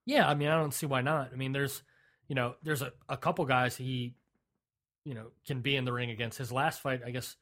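A man's voice: medium pitch, steady tone, brisk, fairly bright tone. A man co-hosting a sports podcast in casual chat, blunt and opinionated, often restarting his sentences. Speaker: podcast co-host.

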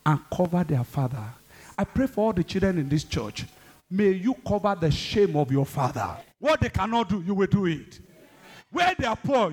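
High, animated preacher. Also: male voice, breathy edge. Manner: exhorting, calls the congregation to respond; swings between loud high bursts and low asides. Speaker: pastor. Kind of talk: sermon.

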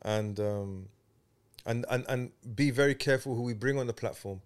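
A man hosting a casual podcast chat, animated and slangy, getting loud when excited. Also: medium pitch, normal speed, smooth. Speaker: podcast host.

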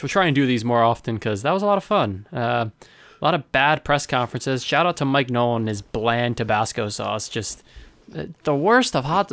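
A man co-hosting a podcast, bantering in a casual, teasing and animated way. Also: mid-range voice, no echo. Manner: animated, teasing, quick to joke. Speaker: podcast co-host.

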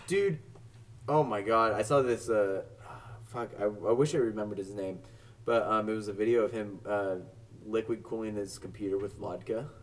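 A man's voice: lowish voice, normal speed. A young man co-hosting a casual podcast chat, laid-back and swearing often. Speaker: podcast co-host. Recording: distant from the mic.

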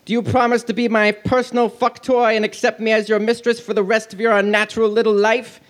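Bossy young heroine gone lewd, high and commanding, done by a man. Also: level tone, brisk, lightly acted. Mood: domineering. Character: bossy, lustful young woman.

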